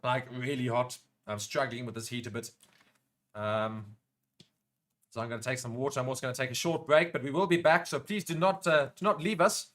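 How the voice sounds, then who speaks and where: A South African man hosting a live rugby watchalong, chatting casually with viewers and breaking into excited play-by-play during big moments. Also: mid-range voice, brisk. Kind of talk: casual live commentary while reading chat comments.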